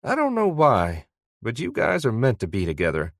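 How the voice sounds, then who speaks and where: A man's voice: mid-range voice, huge pitch swings, moderate pace, no echo, clean studio sound. A man voicing an older retired newspaper veteran who talks in a sardonic, ribbing way, in an audiobook.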